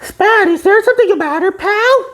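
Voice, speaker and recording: Brief: chirpy cartoon sponge boy, high and bouncy, put on by a woman. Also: moderate pace. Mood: chipper. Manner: excitable, high-pitched squeal. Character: cheerful young male sea sponge, cartoon.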